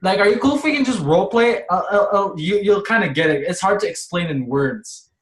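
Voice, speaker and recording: A man's voice: sits high, lively intonation, fairly quick, roomy sound. A man on a group call, hesitant and stammering as he asks for sales practice. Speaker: sales trainee.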